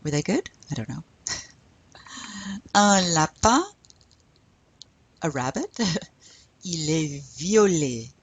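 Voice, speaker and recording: Woman teacher going over vocab, asks then answers herself, dry close sound, slow pace. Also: sits low, animated, slightly rough, no echo. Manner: patient, prompting questions then modeling answers. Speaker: French teacher. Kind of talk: recorded classroom lesson.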